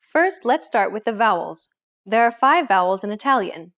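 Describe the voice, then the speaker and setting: A woman hosts a language lesson in a calm scripted narration. She explains each point clearly and at a measured pace, with her voice sitting in an ordinary middle range. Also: medium pitch. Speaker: host.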